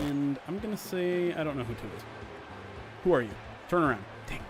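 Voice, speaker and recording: A man's voice: fairly high pitch, expressive, noisy background. A man streaming a football video game simulation, chatting casually with viewers, laughing at himself and calling the plays. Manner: chatty, self-mocking, quick to laugh. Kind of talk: casual live-stream chat and play-by-play.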